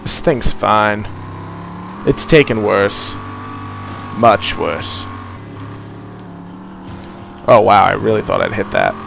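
A man hosting a casual let's play, chatty and excitable, swearing freely. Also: lowish voice, slow, vocal fry, long pauses, noisy background. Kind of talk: casual gameplay commentary.

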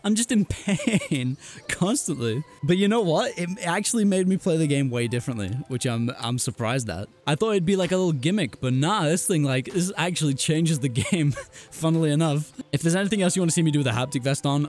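A man giving excitable live commentary while playing a VR shooter, yelping and swearing when he gets hit, ending up out of breath, with game music and gunfire behind him. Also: on the high side, quick pace. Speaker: gaming YouTuber.

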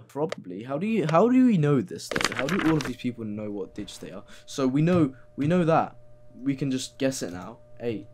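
A man's voice: medium pitch, a little mellow. A man commentating a horror game as he plays, reading in-game notes aloud and swearing when startled. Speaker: gameplay commentator.

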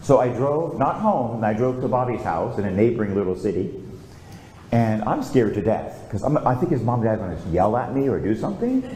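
A priest giving a homily, telling a story with lively, conversational preaching and calling out for amens, in a church. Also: male voice, mid-range voice, brisk, a little hiss or hum. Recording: echoey church.

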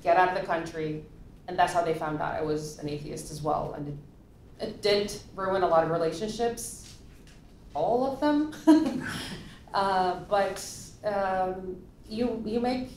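A woman from Saudi Arabia speaking earnestly as a panelist, telling a personal story. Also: fairly low pitch. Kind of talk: panel discussion answer. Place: lecture hall. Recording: echoey hall, faint noise.

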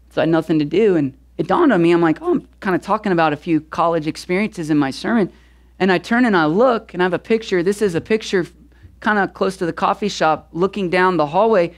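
With a high voice, a pastor in his thirties delivers a sermon built around a laid-back personal story, speaking conversationally and dropping in casual fillers.

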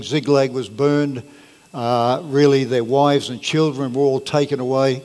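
A man's voice: mid-range voice, a little mellow. A man preaching a sermon as pastor, earnest and plain-spoken, leaning on key words. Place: church hall. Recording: long reverb of a church hall.

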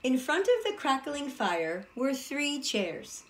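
Animated woman reading a storybook to kids. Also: high voice, slow. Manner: animated, addresses the children directly. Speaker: preschool teacher. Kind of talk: storybook read-aloud for young children.

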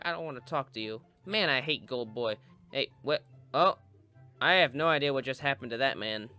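This young man hosts gaming videos, talking over his own gameplay with comedic sarcasm and goofy mock-villain asides. His medium-pitched voice is pushed and bright, moving at a moderate pace with a clean tone and faint music in the background.

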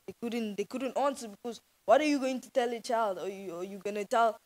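A woman's voice: a little high, a little fast, hardly any pauses, darkish tone, low-quality recording. A woman gives an informal, earnest sermon as a youth speaker in church, talking conversationally and hesitantly.

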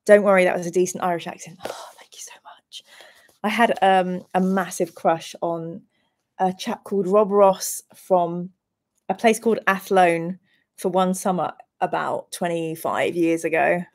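A woman in her forties hosting a live-streamed gamebook play-through, chatty and animated as she switches between reading the room descriptions aloud and talking to her chat. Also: lowish voice, a little slow. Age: 40s.

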